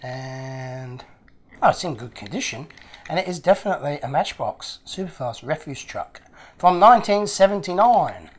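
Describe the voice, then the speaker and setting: Unboxing toy models on his own channel, an Australian model car restorer talks in a loose, rambling way and pokes fun at himself. He speaks at a normal speed in a slightly high, expressive voice.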